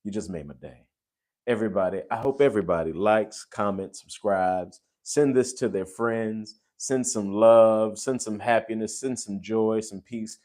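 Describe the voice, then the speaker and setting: A man hosting a relaxed livestream, with a voice that sits a little on the low side. He gushes at his viewers and keeps breaking into sudden loud exclamations. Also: unhurried. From United States. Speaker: host. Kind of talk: casual livestream chat.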